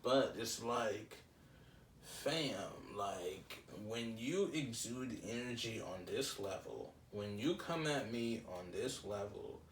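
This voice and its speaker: A man's voice: mid-range voice, animated, takes it slowly. A young man talking casually in a solo podcast, rambling and reflective with lots of fillers. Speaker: podcast host. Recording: roomy, slightly distant mic with faint ambient noise.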